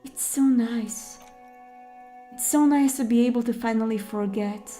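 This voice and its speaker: A woman voicing a fragile young woman speaking through a crackling intercom, shaky and close to tears, with a high voice. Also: measured pace, mellow, soft background music, natural voice. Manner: shaky, tearful, wistful.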